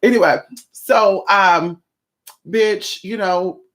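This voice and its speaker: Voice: medium pitch, steady tone, slow, fairly bright tone. A livestream host chatting casually with viewers in a sassy, profane way, calling them honey.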